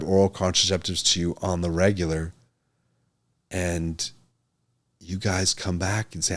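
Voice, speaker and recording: A man's voice: sits low, little pitch movement, unhurried, long pauses, a bit bright. Earnest man, a doctor talking to camera. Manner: earnest, emphatic, repeats key points. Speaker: physician and podcast host. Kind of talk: casual talk to camera.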